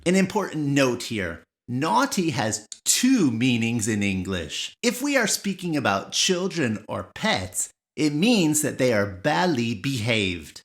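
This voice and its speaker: Slow, lively-toned English teacher. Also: mid-range voice. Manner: careful, clear explaining with examples. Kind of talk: explanatory online lesson.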